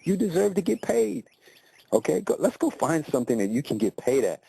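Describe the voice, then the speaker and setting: A man voicing an earnest wife who insists in a higher voice. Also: very animated, fast talker, dark tone, husky, no room sound, heavily acted, rough recording. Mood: insistent.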